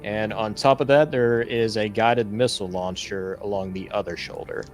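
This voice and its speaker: A man's voice: on the low side, steady tone, moderate pace, soft background music, lightly acted. A man playing a polite male handler who explains a robot's weapons in a courteous, hesitant way. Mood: explaining.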